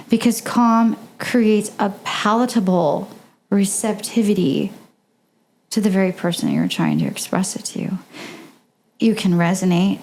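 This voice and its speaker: Animated woman with a lively, swooping voice. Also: mid-range voice, a little hiss or hum. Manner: animated, emphatic, rhetorical questions. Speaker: podcast guest. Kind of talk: impassioned advice in podcast conversation.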